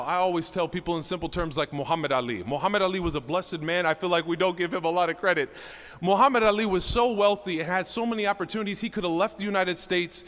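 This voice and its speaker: A man's voice: on the high side, fairly bright tone. Earnest man preaching in an echoing hall. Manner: earnest, exhorting, repeats "my beloved brothers". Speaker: speaker at a religious center. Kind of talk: sermon. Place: mosque hall. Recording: long reverb of a large hall.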